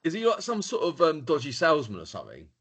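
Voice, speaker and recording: A man's voice: on the high side, over a noisy crowd. A man co-hosting a casual podcast chat, stumbling and repeating words as he talks. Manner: halting, repeats words, animated. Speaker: podcast co-host.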